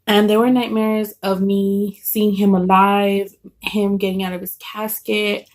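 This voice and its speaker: A woman's voice: medium pitch, level tone, a little slow. A woman telling a story casually at home, rambling with many fillers and restarts. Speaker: vlogger telling a story while eating.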